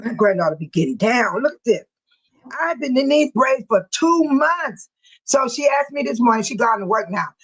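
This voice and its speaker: A woman's voice: on the high side, expressive, normal speed, breathy edge, poor audio. An older woman, a grandmother, chatting casually with viewers on her livestream, telling stories and laughing often. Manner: addresses viewers by name. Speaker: livestream host.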